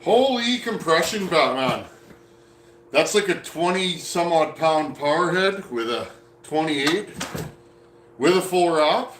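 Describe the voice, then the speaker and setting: In his home workshop, a chainsaw builder from Canada takes his time on a live stream, answering viewer comments in a casual, folksy, rambling way. He has a Canadian accent and a fairly high voice, heard in a reverberant space with a noisy background.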